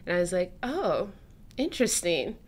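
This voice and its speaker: A young woman with a slightly low voice chats as an interview guest. She rambles in a relaxed way and drops in plenty of casual fillers. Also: moderate pace. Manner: chatty, loose, many "like" fillers. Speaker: guest musician.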